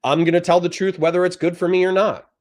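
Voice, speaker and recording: A man's voice: high voice, flat delivery, quick pace. A man on a livestream reading chat comments aloud and answering them in a blunt, profane, lecturing rant.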